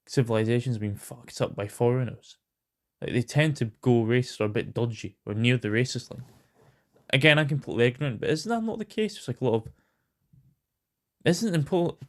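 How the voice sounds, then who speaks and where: A British man talks through the news in a rambling, off-the-cuff rant. He swears freely and stalls on ums and restarts. His voice sits at an ordinary middle pitch. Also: animated, normal speed. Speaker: host.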